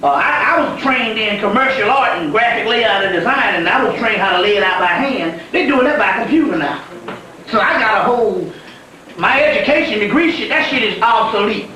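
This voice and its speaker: A man's voice: high voice, expressive, fairly quick, sharp tone, slight background noise. A man giving a rambling, profane spiritual lecture as a story, often laughing as he talks. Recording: echoey room from a distant mic.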